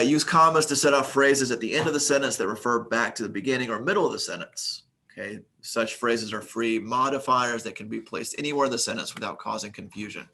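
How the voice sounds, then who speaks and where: A man delivering a recorded grammar lecture at an ordinary middle pitch. He reads example sentences aloud and then explains them step by step. He keeps a measured, methodical manner, with the odd "uh" along the way. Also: sharp tone. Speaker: teacher.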